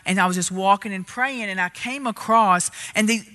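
A woman telling a story in a sermon, animated and loud, getting louder as she gets excited. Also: mid-range voice, normal speed. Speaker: preacher. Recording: reverberant hall.

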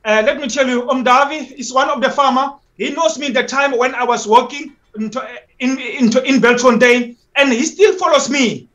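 Guy, high bright voice, keeps repeating himself, fired up. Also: normal speed, few pauses. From South Africa. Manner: urgent and repetitive, restarting phrases, pleading tone. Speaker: activist guest. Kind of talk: impassioned interview on a live stream.

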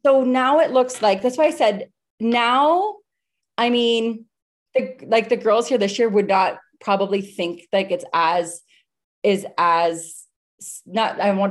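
A woman in her thirties, a podcast guest, telling a story in a casual, chatty way over a video call, with lots of filler words. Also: mid-range voice. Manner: chatty, with many "like" fillers and breathless retelling.

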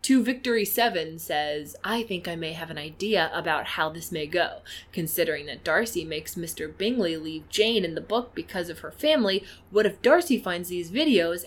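A woman co-hosting a casual podcast, reading listener comments aloud with playful asides. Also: on the low side. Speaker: podcast co-host.

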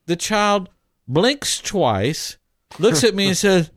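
A man co-hosting an advice talk, his voice sitting a little high and leaping around as he plays out parent and child exchanges. He sounds dry and close to the mic. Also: slow pace, dry recording. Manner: animated, acts out both sides of conversations. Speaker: co-host giving family advice.

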